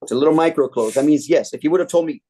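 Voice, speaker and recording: A man leading a sales training meeting, telling a sales story with lively energy. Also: fairly high pitch, racing. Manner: energetic storytelling, acting out customer quotes. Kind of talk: team training talk.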